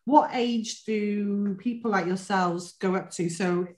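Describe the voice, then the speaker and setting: A woman's voice: mid-range voice, darkish tone. A chatty, teasing woman with a Welsh accent hosts a casual podcast conversation. Her mid-range voice rings in a roomy space. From North Wales. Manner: chatty, teasing, quick to laugh. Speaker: podcast host. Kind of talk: casual chat. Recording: roomy echo.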